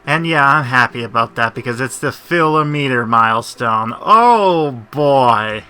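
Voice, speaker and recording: A man's voice: medium pitch, moderate pace, bright, forceful tone, clear, resonant tone. A man hosting a casual let's-play, rambling and making sarcastic asides at the game's story. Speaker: gaming channel host.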